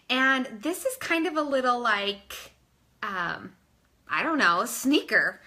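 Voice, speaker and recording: A woman coaching her team, talking straight to her listeners in a loose, chatty way. Her voice sits a little high and rings bright and forceful. She sprinkles in "like" and "you guys" as she explains. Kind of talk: casual instructional talk.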